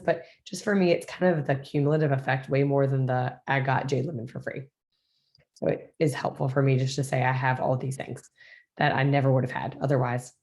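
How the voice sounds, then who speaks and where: A woman's voice: a bass voice, a little mellow. A woman chatting casually on a group business call, rambling and joking. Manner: chatty, rambling, uses y'all.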